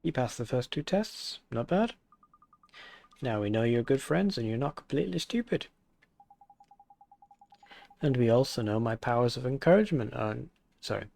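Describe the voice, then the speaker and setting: A man's voice: mid-range voice, animated, normal speed, vocal fry, pauses often, a little mellow. A man voicing a chirpy fairy sidekick from a game with a put-on Welsh accent, reading the lines aloud in a cheeky, upbeat way.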